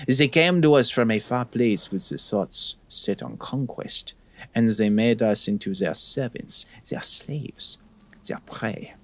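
A man's voice: mid-range voice, dry recording, natural voice. A man reading a medieval traveler's journal aloud in an attempted French accent, in a solemn tone.

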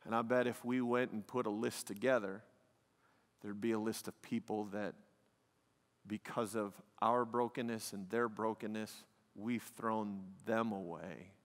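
A man's voice: lowish voice, fairly even intonation, unhurried. Emphatic male preacher in a reverberant church. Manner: emphatic, conversational preaching with frequent "man" and "like". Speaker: pastor. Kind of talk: sermon. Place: church sanctuary. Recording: long reverb of a large hall.

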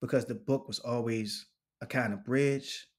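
Telling tales in a relaxed interview, a forties-aged poet speaks with lively slang, imitates the voices of others, and laughs often. His mid-range voice keeps a measured pace.

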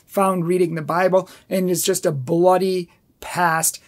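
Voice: mid-range voice, level tone, unhurried. A Catholic apologetics host rebutting a book in an emphatic commentary video, repeating points for stress and challenging viewers directly.

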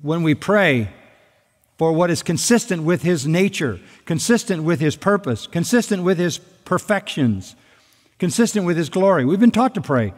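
A man's voice: on the high side, expressive, normal speed. A man preaching an expository sermon as pastor, emphatic and fond of repeating key phrases. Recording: hall reverb.

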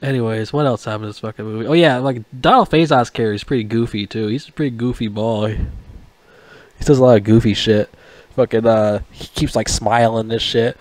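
A man's voice: medium pitch, fairly quick, darkish tone, no echo. Profane rambling man reviewing a movie. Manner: profane, rambling, mocking, frequent restarts. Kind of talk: casual rambling film review.

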